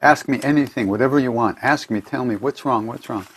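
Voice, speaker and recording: A man quoting a kindly old saint in his own voice, gently coaxing a crying child and repeating his questions. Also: mid-range voice, fairly quick, husky, voice pushed up.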